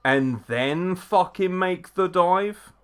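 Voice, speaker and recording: A young man hosting a live wrestling watchalong, reacting excitedly, swearing often and breaking into laughs and shouts. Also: sits high, slow pace, clean tone.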